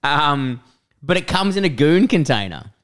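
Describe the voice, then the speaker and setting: A young man co-hosting a casual podcast, telling animated, sweary stories. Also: fairly high pitch, measured pace. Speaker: podcast co-host. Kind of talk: casual chat.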